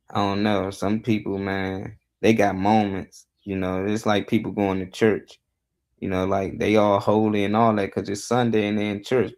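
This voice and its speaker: A man's voice: fairly low pitch, vocal fry, a little mellow. A man talking bluntly and casually on a live talk show, laid-back and profane as he tells his views.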